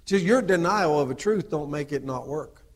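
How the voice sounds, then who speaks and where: A middle-aged man preaches with fervor, and his voice sits a little higher than most men's. He swings between murmured asides and loud, driving exhortation. He keeps checking that his listeners agree with him. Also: expressive, normal speed. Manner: asks the audience for agreement. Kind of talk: sermon.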